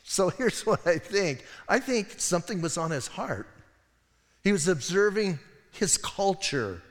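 A man's voice: high voice, very animated, a little slow. Man preaching in a long-echoing church hall. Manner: conversational, self-interrupting preaching with wry asides. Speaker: pastor. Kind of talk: expository sermon.

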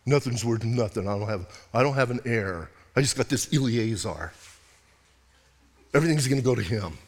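A pastor putting on a sulky, grumbling old patriarch. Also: male voice, expressive, moderate pace. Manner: mumbled, grumbling and low.

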